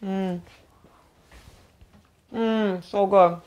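A woman's voice: medium pitch, fairly even intonation, drawn-out words, muffled recording, background noise. A woman hosts a live cooking demo from her home kitchen. She talks eagerly and loosely, with many fillers and self-corrections. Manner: chatty, enthusiastic, many fillers and restarts. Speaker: cooking show host.

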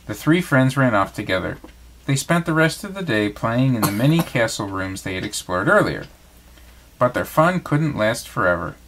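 Expressive dad reading bedtime story. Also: male voice, medium pitch, normal speed, a little hiss or hum. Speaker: father reading bedtime stories.

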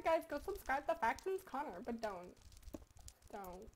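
A woman's voice: high-pitched, animated, moderate pace, background noise. A young woman in her teens, rambling, swearing and giggling as she comments on a game she is playing at home. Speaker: gaming YouTuber. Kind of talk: casual gaming commentary.

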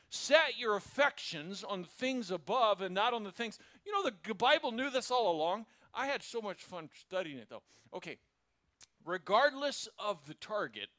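A man preaching a sermon as pastor, telling stories with lively acted-out dialogue. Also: sits high, no echo, studio quality. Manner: animated storytelling, acts out quoted characters.

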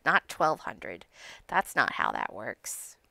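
A woman's voice: very deep voice, wildly swooping pitch, takes it slowly, creaky, pushed and bright, no room sound. A young woman hosting a game role-play stream, playful and giggly as she chats and tells stories. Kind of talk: casual gaming stream chat and storytelling.

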